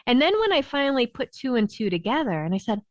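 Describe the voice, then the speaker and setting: Woman, pediatrician guest on a podcast, animated storyteller who laughs easily and fills with "you know"; muffled, dry lo-fi audio. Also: a little high, quick pace, no echo. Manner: lively storyteller, laughs often, many "you know" fillers. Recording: dull, dry lo-fi sound.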